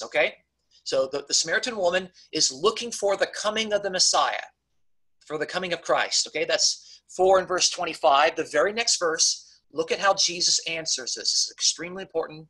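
A man's voice: a little high, a little fast, bright, forceful tone, husky, rough recording. A man teaching a Bible study, talking conversationally and checking in with his class often. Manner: conversational, repeatedly checks in with "okay?"; emphatic on key points, frequent restarts.

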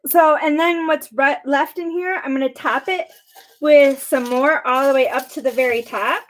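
Bubbly high-voiced woman. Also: fairly even intonation, normal speed. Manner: bubbly, giggly, chatty. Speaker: co-host making cocktails. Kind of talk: casual live-stream chat.

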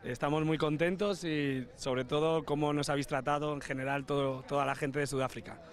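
A man from a football team thanking the hosts in an outdoor interview, speaking quickly. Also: on the high side, fairly even intonation.

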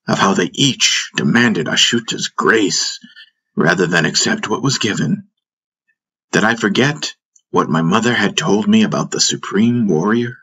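A man's voice: lowish voice, measured pace, bright, forceful tone, slightly rough. A man reading a first-person fantasy audiobook in a solemn, reflective way. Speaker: audiobook narrator. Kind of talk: scripted first-person narration.

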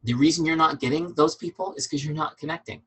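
A man's voice: on the high side, fast talker, fairly bright tone, husky, poor audio. Fired-up man coaching a webinar. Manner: fired-up, emphatic, repeats key lines. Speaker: business coach. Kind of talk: enthusiastic training webinar.

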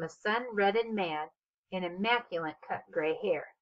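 A woman reading a children's novel aloud as narrator, with expressive, steady storytelling. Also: medium pitch, measured pace, muffled recording. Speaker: audiobook narrator. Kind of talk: scripted narration.

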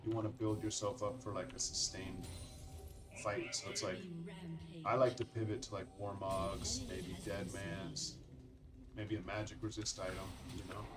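A man's voice: on the low side, little pitch movement, moderate pace, over music. A man from Colorado giving casual, laid-back commentary over his own gameplay, calling people "dude" and "bro" as a channel host. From Colorado, United States.

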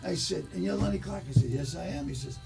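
Gravelly, lively older Boston comedian. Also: male voice, sits high, quick pace, music in the background. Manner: profane, rambling, animated storyteller. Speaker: guest comedian. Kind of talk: casual storytelling.

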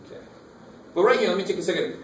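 A man's voice: sits high, rapid-fire. A man teaching a math lecture, talking casually and asking the class questions. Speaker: math instructor. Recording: echoey classroom from far off, faint noise.

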